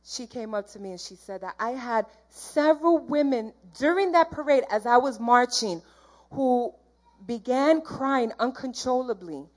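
Woman, church testimony; fervent, rambling, unhurried delivery, slightly high voice. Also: lively intonation. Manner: rambling, earnest, jumps around. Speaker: church member giving testimony.

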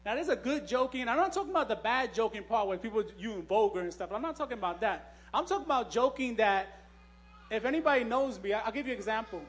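Male preacher, high voice, relaxed storytelling sermon with jokes and restarts. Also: fast. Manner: joking, storytelling, frequent restarts. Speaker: pastor. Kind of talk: conversational sermon. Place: church.

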